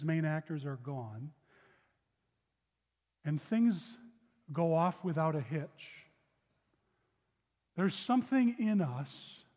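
A man with a high voice preaching to his congregation. He reads scripture low and soft, then speaks earnestly in his own voice. The sound carries a long hall reverb. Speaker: pastor. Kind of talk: sermon with scripture reading. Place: church sanctuary.

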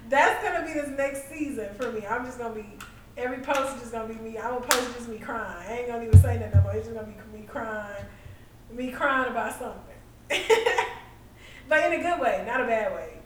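A woman's voice: fairly high pitch, fairly quick, echoey room, distant mic, a little hiss or hum, poor audio. A woman hosting a casual faith podcast, rambling and repeating herself and laughing often. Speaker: podcast host.

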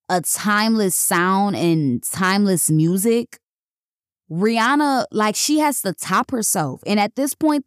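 A woman hosts her own podcast in a loose, casual monologue. She talks bluntly and emphatically, swearing freely as she makes her points. Her voice sits at a mid pitch, and the recording is dry, with no room sound. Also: no echo. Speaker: podcast host.

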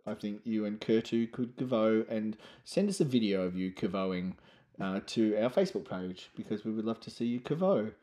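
A man's voice: on the low side, animated, moderate pace, warm tone. A man co-hosting a podcast, talking in a jokey, rambling, irreverent way in casual banter. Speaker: podcast co-host. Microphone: podcast microphone.

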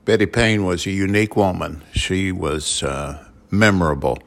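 Older grandfather type, very deep gravelly voice, halting and unhurried. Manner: unhurried storytelling with many "uh"s. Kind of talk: casual conversation.

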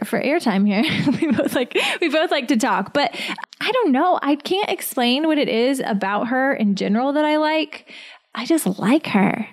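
A woman in her thirties co-hosts a casual chat podcast with a fairly high voice. She talks in a chatty, animated way and laughs often while retelling everyday stories. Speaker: podcast co-host.

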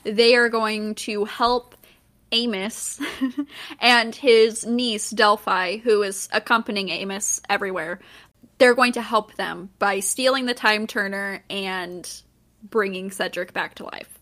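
A woman's voice: medium pitch, steady tone, takes it slowly, bright, forceful tone. A woman co-hosting a casual book podcast, wry and teasing with her questions. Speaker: podcast co-host. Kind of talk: casual chat.

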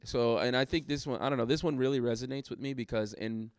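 A man's voice: mid-range voice, steady tone, fast talker, smooth, dry recording, clean studio sound. A man, a pastor, talking candidly in a casual church discussion and laughing at himself as he tells stories.

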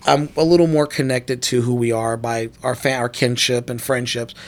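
A man's voice: medium pitch, steady tone, normal speed. A man chatting casually as a podcast co-host, telling long rambling stories and swearing freely. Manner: rambling storyteller, acts out quoted lines. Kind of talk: casual chat.

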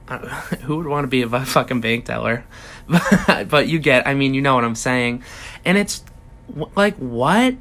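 Guy ranting on his comedy podcast, slow and swearing a lot, totally fed up. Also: fairly high pitch, a bit bright. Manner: profane, exasperated ranting. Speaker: podcast host. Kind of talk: comedic rant monologue.

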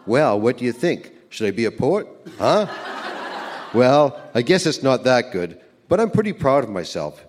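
A man's voice: medium pitch, very animated, moderate pace, darkish tone. An older man reading his old letters aloud to an audience in an earnest, plain way. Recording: background noise.

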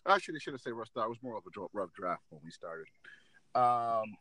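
A man's voice: fairly low pitch, animated, a little fast, fairly bright tone, no room sound, rough recording. A man co-hosting a wrestling podcast, ranting heatedly in casual talk. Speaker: podcast co-host.

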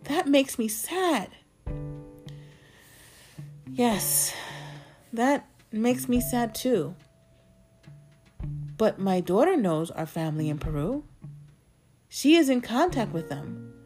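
Woman reading her own story, soft earnest tone, lively up-and-down voice, faint guitar behind. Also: a little high, slow pace, long pauses. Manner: gentle, earnest, reflective. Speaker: narrator. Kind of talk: personal story narration.

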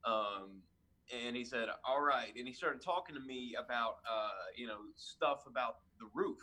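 Guy youth minister telling a story, bright husky voice, lots of ums and restarts. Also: mid-range voice, moderate pace. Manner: chatty, animated retelling with fillers and restarts. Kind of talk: casual storytelling.

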